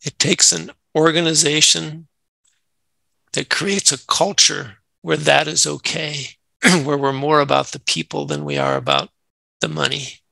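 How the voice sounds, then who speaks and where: A man's voice: on the high side, fairly even intonation, a little slow, creaky, sharp tone, no room sound, poor audio. A man, a nonprofit CEO, talking earnestly in an interview and telling workplace stories. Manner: earnest, acts out quoted dialogue in anecdotes. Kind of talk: conversational interview storytelling.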